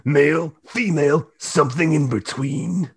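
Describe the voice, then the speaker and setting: A man's voice: on the high side, measured pace, creaky, slightly rough, no room sound, exaggerated voice. A man voicing a stern older male monster hunter, grave and lecturing.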